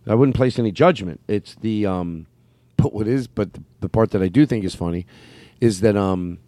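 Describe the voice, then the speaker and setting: A man's voice: on the low side, normal speed, warm tone, no echo. A man hosting a podcast after-show, chatting casually in a meandering way, full of fillers, restarts and self-interruptions. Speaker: comedian podcast host. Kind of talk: casual rambling chat.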